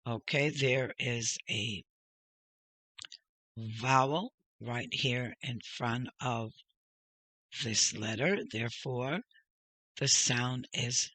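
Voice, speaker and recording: A man's voice: medium pitch, fairly even intonation, very slow, long pauses, pushed and bright, no room sound. A man teaching a reading lesson, patiently sounding out each syllable and pointing things out step by step. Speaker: Hebrew teacher. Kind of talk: slow spoken lesson.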